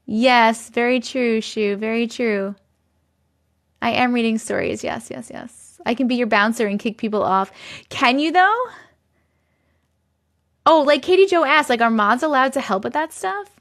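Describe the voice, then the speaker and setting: A woman's voice: on the high side, expressive, moderate pace, pauses often, a bit bright. A woman hosting a livestream from her basement on a regular microphone, chatting casually, laughing often and thanking viewers as she reads their comments aloud. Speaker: livestream host. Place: home basement.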